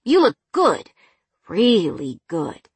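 A woman narrator plays a pushy, smooth-talking ex-boyfriend from an audiobook romance, insistent that he be heard. The voice stays soft and a little husky, close and dry. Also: high voice, huge pitch swings, takes it slowly, no room sound, exaggerated voice. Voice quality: insistent, persuasive.

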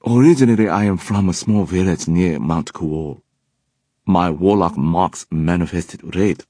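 A man voicing a young woman warlock, a driven demon hunter, in a brisk, earnest way. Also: sits low, mellow, slightly rough, no echo, studio quality.

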